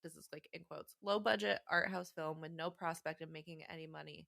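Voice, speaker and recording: A woman co-hosting a relaxed movie podcast, her voice low-set and bright with a gravelly fry running through it. She is chatty, laughs often and trails off into fillers as she recounts trivia. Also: brisk. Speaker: podcast co-host. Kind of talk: casual movie podcast chat.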